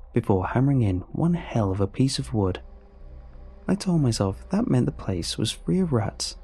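A man narrating a first-person horror story in a measured, storytelling manner. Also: on the low side, mellow, slightly rough.

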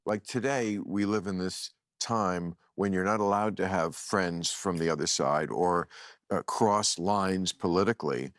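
A man's voice: low voice, a little slow, no room sound, studio quality. A man ranting comedically on a talk show, mocking and profane, played as a clip.

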